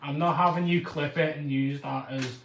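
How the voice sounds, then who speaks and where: A man's voice: a little high, steady tone, moderate pace, a bit bright, a little hiss or hum. Chatty Scouse man streaming live. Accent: Liverpool (Scouse). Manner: chatty, laughs often, self-mocking. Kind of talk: casual live-stream chat.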